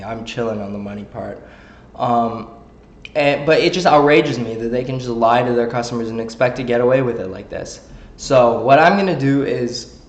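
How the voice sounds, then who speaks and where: Indignant young man ranting to camera. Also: mid-range voice. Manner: indignant, rallying, filler-heavy. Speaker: gaming channel creator. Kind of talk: heated direct-to-camera rant. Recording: roomy echo.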